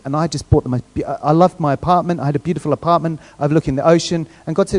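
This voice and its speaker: A man preaching a sermon in a church in a relaxed, conversational way, often checking in with the congregation. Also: fairly high pitch, fast talker. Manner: conversational, asks the crowd questions, restarts often. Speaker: guest preacher.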